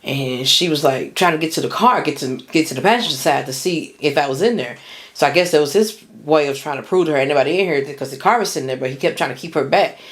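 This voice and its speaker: A woman's voice: deep voice, quick pace. Young woman telling her story, casual and rambly, lots of "like". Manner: rambling, full of fillers and restarts, slangy.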